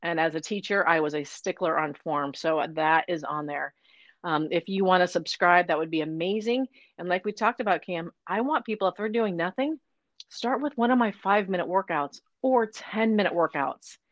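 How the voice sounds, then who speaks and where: A woman fitness coach chatting as a guest in an interview, upbeat and fast-talking. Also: fairly low pitch, no echo, dull audio. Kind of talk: casual interview chat.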